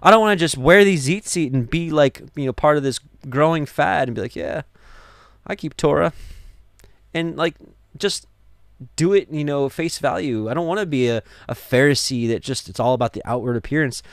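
A man's voice: on the high side, brisk, dry recording. Earnest man teaching scripture, dry sound. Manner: earnest, conversational, many restarts and "you know". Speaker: Torah teacher. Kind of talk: scripture reading with sermon-like commentary.

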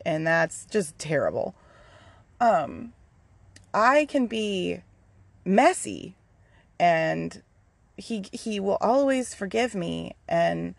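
Candid, gravelly-voiced woman podcaster. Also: lowish voice, darkish tone, no echo. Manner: candid, swears freely, many fillers and restarts. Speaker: podcast host. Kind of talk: casual rambling monologue.

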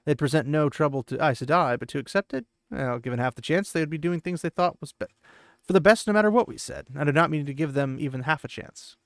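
A man's voice: on the high side, fast, no room sound, studio quality, close to an everyday voice. A man voicing a stern, proud young woman who gives curt commands.

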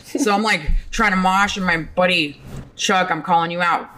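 A woman's voice: fairly low pitch, moderate pace. Foul-mouthed woman telling a story. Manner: profane, storytelling, animated. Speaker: podcast host. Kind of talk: casual chat.

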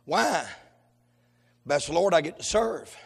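A male pastor, preaching a sermon that swings from shouted, sung lines to low conversational talk. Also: expressive, slow, vocal fry, breathy edge. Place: church sanctuary. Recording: long hall reverb.

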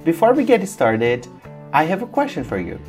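An English teacher hosts a casual lesson, explaining patiently, checking in with "okay?" and pausing on many ums. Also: medium pitch, wildly swooping pitch, darkish tone, soft background music. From Brazil. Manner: patient, repeats "okay?" often.

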